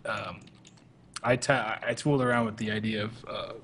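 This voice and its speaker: A man's voice: on the low side, fairly even intonation, moderate pace, a bit bright, a little hiss or hum. A man hosting a casual podcast on a voice call, rambling and hesitant, swearing casually. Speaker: podcast host. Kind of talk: casual chat. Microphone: computer mic on a voice call.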